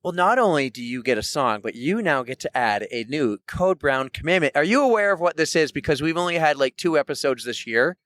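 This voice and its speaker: A man's voice: on the high side, very animated, fairly quick, hardly any pauses, a bit bright. A man co-hosting a podcast in casual chat from a moving car, playful and calling out the turns. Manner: playful, navigates the route. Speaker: podcast co-host.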